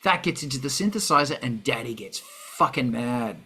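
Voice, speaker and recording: A man's voice: mid-range voice, animated, moderate pace, pushed and bright, husky. A man with an Australian accent hosting a casual live stream, rambling and swearing often. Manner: rambling, profane, sidetracked. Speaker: livestream host.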